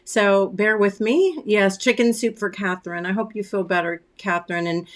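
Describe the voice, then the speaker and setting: A woman chats casually from her home craft studio, hosting a weekly livestream. She greets viewers by name in a friendly, rambling way with plenty of ums, and keeps clearing a slightly choked-up throat. Her voice sits at an ordinary middle pitch. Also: moderate pace. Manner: chatty, warm greetings by name, frequent ums.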